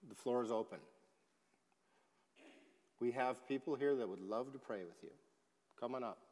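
A man preaching a sermon as pastor, slow and emphatic, swelling in volume on key phrases. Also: medium pitch, a little mellow. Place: church sanctuary. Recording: long hall reverb.

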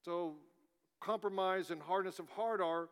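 A high-voiced, bright-toned male pastor preaches with emphatic repetition, calling on the congregation to answer back. He is recorded in a large church hall with long reverb. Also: measured pace, clear, resonant tone. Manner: emphatic, repetitive, call-and-response. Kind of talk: sermon.

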